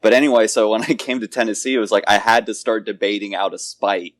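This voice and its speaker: A man's voice: fairly low pitch, steady tone, quick pace. A man in his twenties talking frankly and reflectively as a guest in a casual podcast chat. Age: 20s. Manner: frank, reflective, debate-minded.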